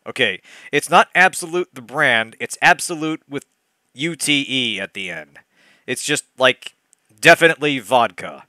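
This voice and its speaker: A man's voice: mid-range voice, lively intonation, measured pace, bright, forceful tone, no echo. A man hosting a comedic read-along, commenting on a bad novel in an exasperated, sarcastic way. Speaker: host.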